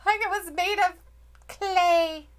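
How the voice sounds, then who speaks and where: Giggly high-voiced woman co-host. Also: fairly even intonation, slow. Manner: giggly, reads chat comments aloud. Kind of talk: casual live watch-along commentary.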